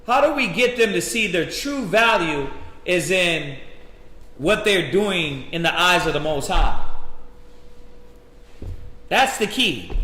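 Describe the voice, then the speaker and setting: A man preaching and teaching a scripture class in an animated, preachy way. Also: sits high. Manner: animated, preachy, acts out quotes. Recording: echoey hall.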